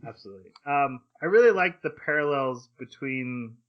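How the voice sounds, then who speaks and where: A man's voice: medium pitch, animated, normal speed, lo-fi sound. A grown man hosting a casual anime discussion podcast, retelling the plot at length with fillers and playful paraphrased quotes. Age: adult. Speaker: podcast host.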